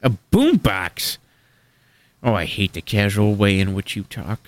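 Theatrical man swinging high and low. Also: sing-song, a little slow, no room sound. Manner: theatrical, swings from loud squeaky outrage to low mutters. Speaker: comedy radio show host. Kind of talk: improvised comedy bit.

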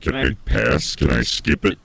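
A man's voice: very deep voice, sing-song, normal speed, creaky, a bit bright, no echo. A man co-hosting an improvised comedy radio bit, talking casually and hesitantly.

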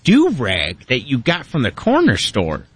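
Excitable man in husky comedy banter. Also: medium pitch, measured pace, dry recording. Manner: excitable, mock-angry outbursts. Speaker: comedy show co-host.

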